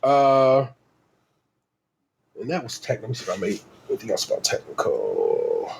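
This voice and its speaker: A man's voice: on the low side, wildly swooping pitch, normal speed, creaky, background noise. A man hosting a podcast in casual chat, laid-back and slangy, swearing freely and laughing often. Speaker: podcast host.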